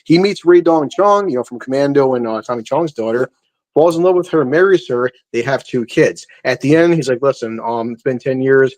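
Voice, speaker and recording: A man's voice: mid-range voice, lively intonation, fairly quick, darkish tone. A man in casual podcast chat who swears freely and acts out scenes while retelling a story.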